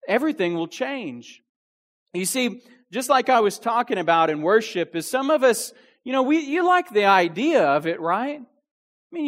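A man's voice: very high-pitched, fairly bright tone. A man preaching a youth sermon with energy, full of restarts and asides. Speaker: youth pastor.

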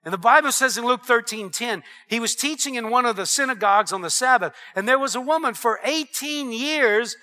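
Middle-aged male preacher, high and sharp-edged tone, animated storyteller who builds to shouts. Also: brisk, hardly any pauses. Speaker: pastor. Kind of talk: sermon.

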